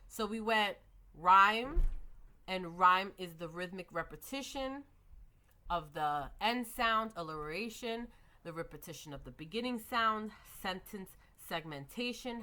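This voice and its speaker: A woman's voice: medium pitch, sharp tone. A young adult woman giving a methodical lesson on early reading, modeling classroom prompts for children. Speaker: teacher educator.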